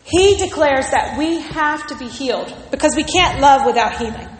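A woman delivers an animated sermon, retelling scripture and calling on her congregation to answer. Her voice sits high. It rings through a large sanctuary with a strong echo and a long reverb tail. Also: normal speed. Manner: emphatic repetition, calls on the congregation. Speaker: preacher. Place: church sanctuary.

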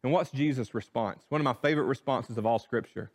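A man preaching a sermon, animated, repeating words as he restarts his thoughts. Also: mid-range voice, fairly quick. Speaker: pastor.

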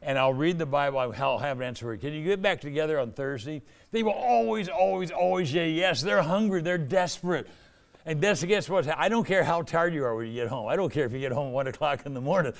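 A man preaching a sermon, telling a personal story with acted-out dialogue, swinging between loud emphasis and hushed asides. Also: on the high side, brisk, gravelly. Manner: acts out dialogue in his stories.

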